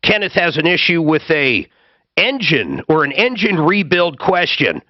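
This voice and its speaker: Brisk radio host, dull dry sound. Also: male voice, on the high side, big pitch swings, no echo. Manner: brisk, friendly, reads phone numbers. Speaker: radio call-in show host. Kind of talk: on-air call-in talk.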